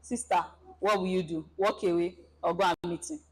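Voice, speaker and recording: A woman giving a relationship seminar, animated and acting out everyday scenarios for her audience. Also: on the low side, normal speed, slight background noise, poor audio. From Nigeria. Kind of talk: presentation talk to an audience.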